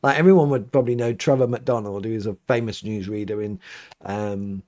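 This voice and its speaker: A man's voice: lowish voice, fairly even intonation, brisk, a little mellow. A middle-aged man, a priest hosting a live question-and-answer stream from his home studio, talks casually and rambles with many restarts and fillers.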